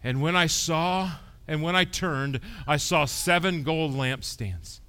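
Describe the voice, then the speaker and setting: A man preaching a sermon, swinging from quiet talk to loud preaching and asking the congregation questions. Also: fairly high pitch, takes it slowly, clear, resonant tone. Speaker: pastor.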